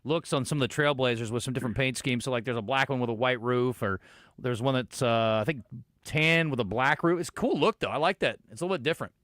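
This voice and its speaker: A man's voice: medium pitch, fast, a bit bright, dry recording, studio quality. A man hosting a radio show, joking casually with his co-host and reading listener texts aloud. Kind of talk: casual sports radio banter. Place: radio studio. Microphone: studio microphone.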